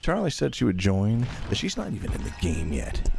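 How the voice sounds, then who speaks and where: A man livestreaming a game, chatting casually with excitable, profane, rambling banter and yelling at teammates. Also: lowish voice, a little fast, gravelly, over music. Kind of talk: live gameplay commentary.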